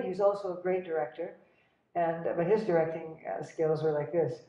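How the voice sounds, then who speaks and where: An older actress telling animated stories about her career in a casual interview. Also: lowish voice, a little fast. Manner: animated, breathless anecdotes with laughs. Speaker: guest actress. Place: cinema. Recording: roomy, distant, dull sound.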